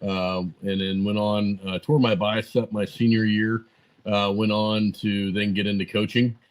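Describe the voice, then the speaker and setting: A man in his forties with a low, fairly flat voice, talking as a podcast guest. He rambles through anecdotes, full of "uh" and "um", and acts out both sides of old conversations. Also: measured pace, low-quality recording. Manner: rambling anecdotes full of fillers and quoted dialogue. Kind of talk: casual storytelling interview.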